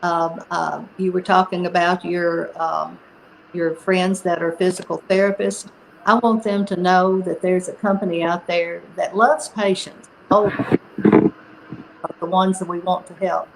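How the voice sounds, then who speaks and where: An older woman speaks with a warm Southern US accent, her lowish voice carrying a gravelly fry. She talks in an unhurried, folksy way, padding her thoughts with ums. A faint hiss of noise sits under the recording. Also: fairly even intonation, rough recording. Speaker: company founder guest. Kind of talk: casual interview.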